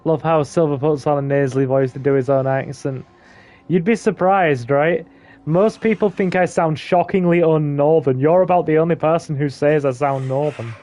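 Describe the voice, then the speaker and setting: A man's voice: a little high, fairly even intonation, normal speed, warm tone. A man co-hosting a gaming stream, joking and reading chat aloud. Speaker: game stream co-host. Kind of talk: casual gaming commentary.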